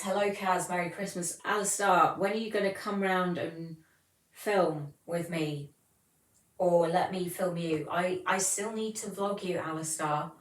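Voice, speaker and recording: A woman's voice: lowish voice, echoey room, far from the mic, poor audio. A woman, hosting a casual livestream and chatting as she reads viewer comments aloud. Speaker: livestream host.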